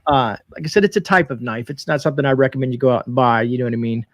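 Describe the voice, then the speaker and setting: A man's voice: mid-range voice, very fast, no room sound. A man hosting a casual live-stream chat, laughing easily and rambling between comments. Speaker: preparedness channel host.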